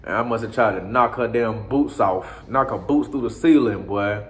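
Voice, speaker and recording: A man's voice: lowish voice, normal speed. Slangy, profane man telling a story. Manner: loose, slangy and profane, with many restarts and asides to the listener. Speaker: storyteller recounting his time abroad. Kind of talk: casual storytelling.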